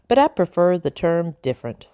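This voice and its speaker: A woman's voice: fairly low pitch, big pitch swings, normal speed, dark tone, dry recording, studio quality. A woman voicing a polite, earnest male mouse in a storybook.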